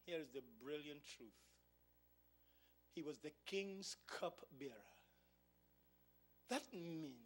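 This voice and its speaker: High-voiced pastor, slow and bright. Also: male voice. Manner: swings from hushed to shouting. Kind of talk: sermon.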